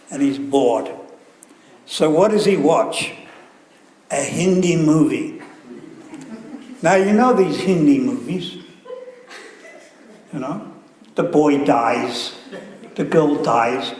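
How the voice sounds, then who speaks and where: A man's voice: fairly high pitch, expressive, slow, long pauses, darkish tone. A man giving a sermon at a temple, telling stories with joking asides in a conversational way. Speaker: visiting guru giving a talk. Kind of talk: sermon with anecdotes. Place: temple hall. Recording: echoey hall, faint room ambience.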